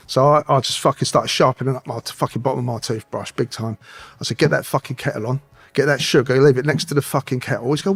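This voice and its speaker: A man's voice: medium pitch, quick pace, breathy edge. A middle-aged man telling a rambling, profanity-filled story as an interview guest. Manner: swearing, rambling, streetwise anecdotes. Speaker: guest, former police officer.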